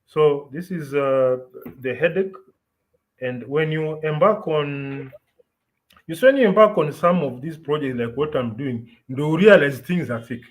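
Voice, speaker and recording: A man's voice: on the high side, measured pace, low-quality recording. A Kenyan man in casual, opinionated podcast chat, switching between English and Swahili as he tells stories. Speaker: podcast host.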